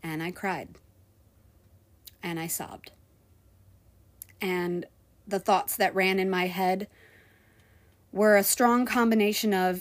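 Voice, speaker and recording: A woman and restaurant server, candidly telling a personal story in a vlog, swinging between loud frustration and hushed, quiet moments. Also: lowish voice, measured pace.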